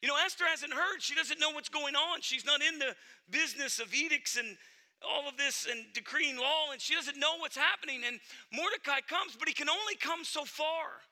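High bright-voiced male preacher. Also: moderate pace. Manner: earnest, emphatic, addresses the congregation directly. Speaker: pastor. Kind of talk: sermon.

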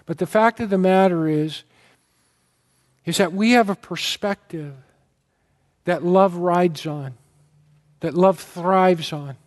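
Preaching to his flock, this pastor has a fairly high voice and speaks slowly, leaving long pauses. His storytelling is earnest and deeply emotional, at times catching in his throat, and his pitch climbs and drops to emphasize important words.

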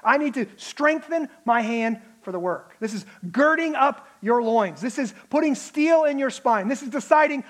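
A man preaching a sermon, animated, acting out the mocking voices of enemies. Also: extremely high pitch, moderate pace, hardly any pauses. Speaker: pastor.

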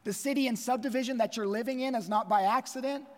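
A man's voice: very high voice, fast, darkish tone, in a large hall. A man preaching a sermon as pastor, emphatic and repeating key phrases.

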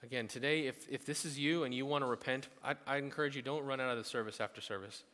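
A male pastor preaching a sermon at a church service, telling the story casually with animated asides. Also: medium pitch, fast. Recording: long hall reverb.

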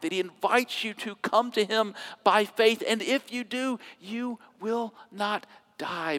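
A man preaching a sermon, swinging from loud emphatic quotes to hushed near-whispers. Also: high-pitched, long reverb tail. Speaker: pastor.

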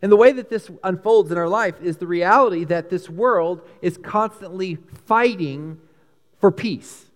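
Animated Texan preacher in a big hall. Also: male voice, high voice, a little slow. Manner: animated, emphatic preaching with sudden swings between loud and hushed. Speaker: pastor. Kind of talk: sermon.

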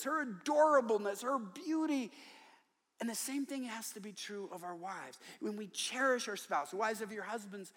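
High-voiced older man preaching in a big hall. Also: unhurried, fairly bright tone. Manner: humorous storytelling, emphatic. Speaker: conference speaker and author. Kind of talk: sermon. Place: large church.

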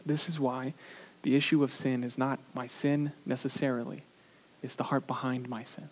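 Guy preaching a sermon, earnest, mid-pitched, gets loud then drops real quiet, says uh a lot. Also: flat delivery, normal speed. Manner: earnest preaching with frequent "uh" fillers; swings between emphatic rises and quiet low drops. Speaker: pastor.

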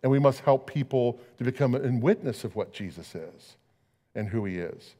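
A man's voice: medium pitch, lively intonation, moderate pace, mellow, in a large hall. A man preaching a sermon as pastor, talking conversationally and asking his listeners rhetorical questions.

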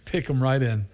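A middle-aged man preaching a sermon as pastor, telling stories with lively energy, jumping into high voices for quotes and laughing often.

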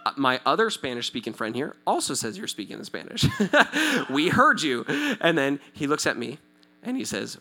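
A male pastor in his thirties from Southern California, telling a story in a sermon, animated and acting out the voices of the people in it. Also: mid-range voice, moderate pace. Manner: animated, acts out quoted voices, checks in with the audience.

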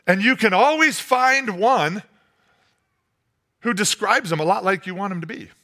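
A man's voice: high-pitched, measured pace. A man preaching a sermon as a pastor, conversational and storytelling, with playful asides. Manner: lively storytelling with playful character voices; conversational, uses fillers like "like" and "you know".

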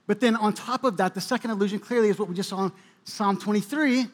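A man's voice: high-pitched, fast. A male pastor delivering a sermon, preaching with bursts of emphasis and occasional restarts. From New England, US.

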